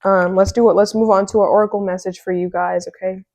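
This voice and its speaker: A woman giving a casual, excitable tarot reading, chatty and full of fillers. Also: mid-range voice, quick pace, no echo. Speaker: tarot reader.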